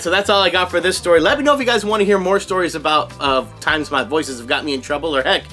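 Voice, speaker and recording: A man telling an animated, laugh-filled story to camera in a vlog, slipping into character voices. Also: a little high. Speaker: voice impressionist and vlogger.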